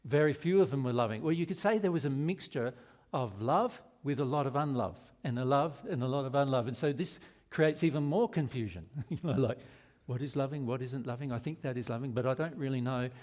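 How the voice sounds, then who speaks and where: A man's voice: medium pitch, a little fast, few pauses, a little mellow. A man with an Australian accent giving a spiritual seminar, earnest and asking the audience rhetorical questions. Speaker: spiritual teacher.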